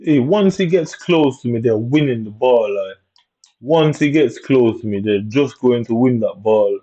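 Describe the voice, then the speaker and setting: Over a dull, lo-fi recording, a man commentates his own gameplay, muttering and ranting heavily. His mid-range voice is mellow and dark, animated yet measured in pace, and it sounds aggrieved all along.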